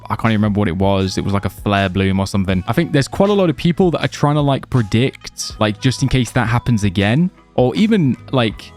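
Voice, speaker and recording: A man's voice: fairly low pitch, animated, quick pace, hardly any pauses, darkish tone, soft background music. A young man giving a casual game guide, chatty and loose with lots of fillers, his voice a little worn as he says he is losing it. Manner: chatty, loose, many fillers like "like" and "you know". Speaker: gaming video creator. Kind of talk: casual gameplay guide commentary.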